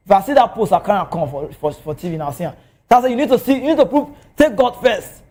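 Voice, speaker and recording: A man with a Nigerian accent talking football as a TV pundit, animated and excitable. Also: fast talker. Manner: animated, excitable, swings pitch. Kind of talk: TV football commentary in Pidgin. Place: TV studio.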